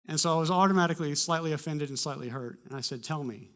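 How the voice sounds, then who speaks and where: A pastor preaching a sermon, telling a personal story in a conversational way with humor and animated bursts. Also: male voice, on the high side, normal speed. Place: church.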